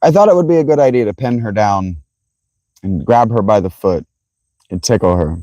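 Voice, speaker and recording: A man's voice: on the low side, lively intonation, moderate pace, dark tone, no echo. A man in his thirties livestreaming by a fountain, with a worn, strained voice, laughing often and swearing as he chats. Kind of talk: casual livestream chat. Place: outdoors by a fountain.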